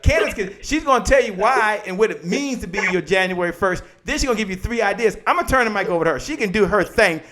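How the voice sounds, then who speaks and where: A man hosts a live business show with high, revved-up energy. His voice sits a little above the usual male pitch. He repeats his lines like a preacher working a crowd. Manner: energetic, repetitive, preacher-like chanting. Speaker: host. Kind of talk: motivational live show hosting.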